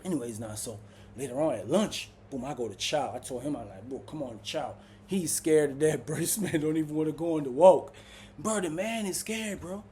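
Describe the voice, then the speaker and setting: A man casually telling a story to camera, slangy and animated, peppering his lines with "bro" and acting out what others said. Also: on the high side, brisk, slight background noise. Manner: slangy, punctuates lines with "bro" and acts out quotes. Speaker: storyteller recounting prison life.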